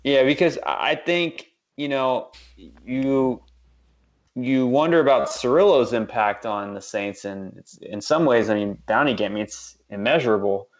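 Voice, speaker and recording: A man's voice: mid-range voice, a little slow, lo-fi sound, slight background noise. A man co-hosting a casual sports podcast, rambling with lots of fillers and restarts. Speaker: podcast co-host.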